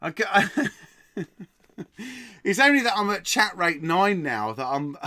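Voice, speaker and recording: A man's voice: high voice, big pitch swings, slow pace, sharp tone, no echo. An English man hosting a live-stream quiz, reading out items and laughing and joking with his viewers. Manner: reads quiz items aloud, laughs often, jokes with chat. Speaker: quiz host.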